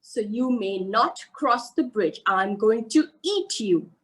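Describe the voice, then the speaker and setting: A woman voicing a mean, hungry old male troll in a children's story, speaking loud and gruff. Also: on the high side, lively intonation, slow.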